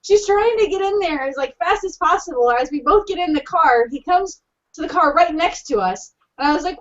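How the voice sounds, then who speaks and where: A woman co-hosting a laid-back podcast shares a crude story, lively and quick to laugh. Her voice is high-pitched, and the audio comes across dull and lo-fi.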